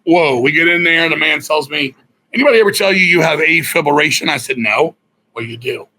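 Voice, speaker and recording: Blunt, bright-voiced middle-aged man. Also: a little high, brisk, poor audio. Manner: blunt and profane, animated storytelling. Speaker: guest musician. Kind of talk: casual storytelling interview.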